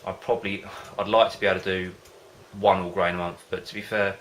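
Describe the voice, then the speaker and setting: A man's voice: low voice, flat delivery, quick pace, slight background noise. A man vlogging about home brewing in a casual, rambling way, often hesitating and losing his thread. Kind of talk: casual rambling chat to camera.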